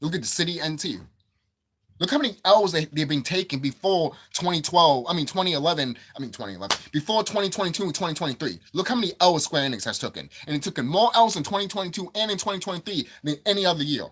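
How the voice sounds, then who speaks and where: A man's voice: a little high, lively intonation, fast talker, fairly bright tone, breathy edge. A man delivering a profane, heated rant about video game prices, repeating himself as he builds up steam. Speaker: gaming commentator. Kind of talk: angry gaming rant.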